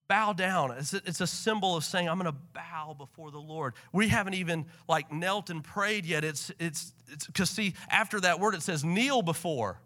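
Animated bright-voiced male preacher. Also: sits high. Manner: animated, swings from soft to loud and fast. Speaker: pastor. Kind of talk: sermon. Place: church sanctuary.

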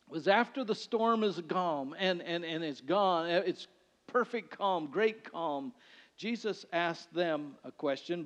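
A male pastor preaching a sermon in a conversational way, swinging between loud declarations and hushed lines. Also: a little high. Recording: dull sound with long hall reverb.

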